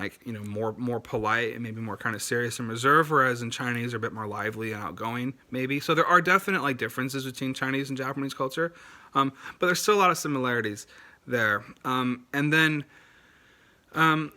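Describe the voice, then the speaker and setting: A man's voice: medium pitch, sharp tone. A young man chatting casually to camera about learning languages, in a loose, rambling way with many fillers and restarts. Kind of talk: casual explanatory talk to camera.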